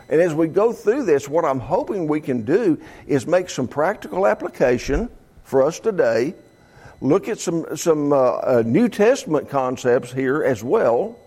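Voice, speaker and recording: A man's voice: fairly high pitch, sing-song, measured pace, dark tone, husky. A man teaching a Bible class in a conversational way, often restarting his sentences.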